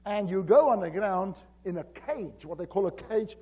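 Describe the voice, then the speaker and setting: Animated storytelling man at a conference. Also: sits high, normal speed, husky. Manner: animated, acts out dialogue. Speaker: conference keynote speaker. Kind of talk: storytelling presentation. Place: conference hall.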